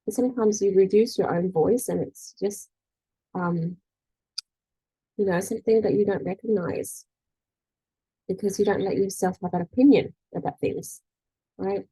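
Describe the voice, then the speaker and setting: In a casual faith-based teaching talk, a middle-aged energy-healing coach chats with her group, frequently using "you know" and "right?" and performing quoted voices. Her voice is mid-range, dark and husky. There's no room sound, and the recording quality is low.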